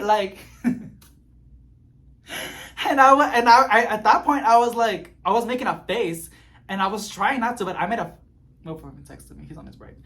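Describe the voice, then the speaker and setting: A man telling a story in casual chat, expressive and growing exasperated as he vents. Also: high voice, normal speed, pauses often. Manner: expressive, gets animated and exasperated while venting. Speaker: plant vlogger.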